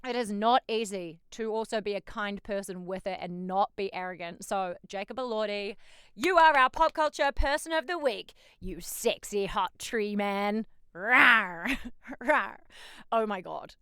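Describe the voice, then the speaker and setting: A woman hosting a pop culture gossip show in a bubbly, cheeky way, with sudden loud outbursts. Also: mid-range voice, lively intonation, normal speed, smooth, no echo, clean studio sound. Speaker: host.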